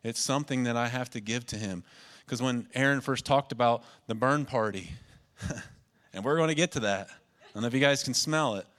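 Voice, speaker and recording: A man's voice: medium pitch, normal speed, a bit bright. Male pastor, earnest emotional sermon delivery, repeats key phrases.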